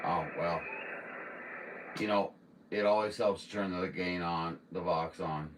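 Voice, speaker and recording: Male radio operator, lowish pitch, chatty folksy calls over a desk mic. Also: fairly even intonation, a little slow, noisy background. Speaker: radio operator hosting the stream. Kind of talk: casual radio calling.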